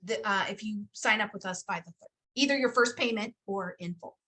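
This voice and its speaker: A woman's voice: medium pitch, fairly quick, fairly bright tone. A woman hosting a casual video call info session, upbeat and chatty, teasing and laughing often. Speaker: host of a health coach program info session.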